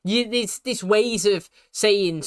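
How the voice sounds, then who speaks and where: A British man rambling casually as he reacts to a sitcom, in a bright, forward voice. His talk is chatty and loose, with plenty of asides. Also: sits high, slow pace, smooth. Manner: chatty, rambling, laughs often. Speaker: reaction video host. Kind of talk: casual commentary.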